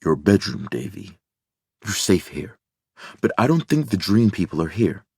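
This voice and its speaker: A man voicing a calm middle-aged doctor who speaks slowly in a reassuring baritone. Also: gravelly, husky, no echo, studio quality, full character voice. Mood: soothing. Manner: slow, soothing, reassuring baritone.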